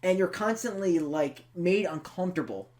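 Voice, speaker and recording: A man co-hosting a podcast, chatting casually and excitably about a horror film and teasing his co-host. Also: sits high, moderate pace. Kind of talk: casual film review chat.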